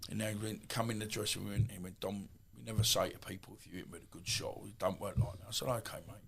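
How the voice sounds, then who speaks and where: Gravelly, low Essex man in his fifties. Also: quick pace, a little hiss or hum. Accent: Essex English. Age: 50s. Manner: rambling, animated, full of asides and restarts. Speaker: podcast guest. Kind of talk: casual storytelling.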